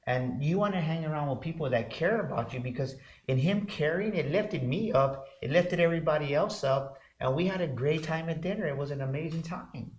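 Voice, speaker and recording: A man co-hosting a motivational talk show, speaking fervently with repeated, preacher-like build-ups. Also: a little high. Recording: roomy echo.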